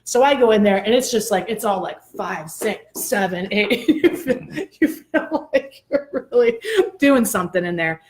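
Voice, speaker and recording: A woman host telling a personal story in a casual chat, animated and expressive, often laughing. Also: medium pitch, normal speed.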